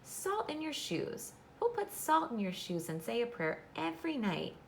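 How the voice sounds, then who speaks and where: A woman voicing a patient, wise mother who speaks gently and reassuringly in a storybook. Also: a little high, sing-song, normal speed, creaky, a little hiss or hum, voice pushed up.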